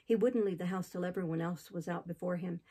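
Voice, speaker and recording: A chatty old innkeeper rambles through a grim tale, solemn yet eager to tell it all, with a woman reading him aloud. The voice is warm and low-toned, with a gravelly, husky grain. It comes from a classic novel audiobook. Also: fast talker, low-quality recording. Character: gossipy older male innkeeper, talkative and solemn.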